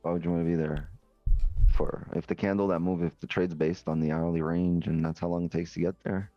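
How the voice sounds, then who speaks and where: A man's voice: sits low, level tone, brisk, dry recording, lo-fi sound, soft background music. A man co-hosting a trading stream, explaining in a rambling way with lots of rhetorical questions. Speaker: co-host trader. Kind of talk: casual explaining.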